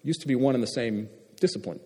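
A man's voice: mid-range voice, darkish tone, slightly rough, long reverb tail. A man giving a classroom lecture, quizzing the audience as he goes. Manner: asks the audience questions, halting with fillers and restarts.

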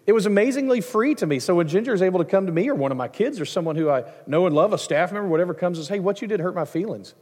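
A man's voice: sits high, rapid-fire, few pauses. Man preaching in a reverberant hall. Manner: conversational, animated, with asides and acted-out quotes. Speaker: pastor. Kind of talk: sermon.

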